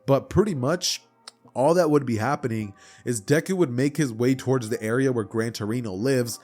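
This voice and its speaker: With faint music behind him, a young man casually retells an invented anime story in a slangy, chatty, animated way. He speaks at a normal speed in a medium pitch.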